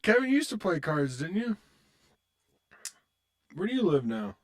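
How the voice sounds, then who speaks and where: A man's voice: sits high, big pitch swings, normal speed. A man streaming online poker, muttering about his hands and chatting with viewers in a loose, joking way. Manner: muttering to himself, swearing, then chatting upbeat with viewers. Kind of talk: casual live-stream commentary.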